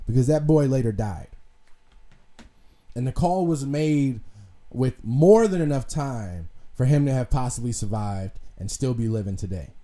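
A man's voice: medium pitch, dark tone. A young adult man hosting a casual commentary monologue, talking loosely, swearing freely and trailing off into restarts. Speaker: podcast host.

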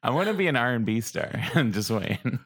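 A man's voice: medium pitch, big pitch swings, brisk, fairly bright tone, breathy edge. A man hosting a podcast in casual chat, giggling often and rambling with lots of "like". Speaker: podcast host.

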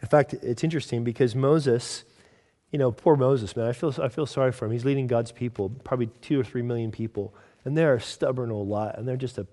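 A man preaching a sermon in a conversational, storytelling way, acting out the characters with lively quotes. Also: mid-range voice, fairly quick.

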